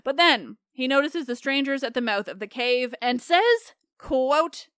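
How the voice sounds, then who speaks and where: A woman's voice: high voice, animated, unhurried, a bit bright, clear, resonant tone, no room sound, clean studio sound. A woman hosting a podcast, retelling myths in a chatty, irreverent way that breaks into laughter. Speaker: podcast host. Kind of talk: comic myth retelling.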